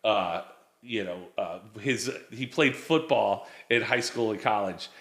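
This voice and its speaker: A man in his forties, speaking at a measured pace in a lowish, somewhat bright voice, rambles through family stories while chatting casually as a guest. The sound is reverberant, and he acts out the quotes.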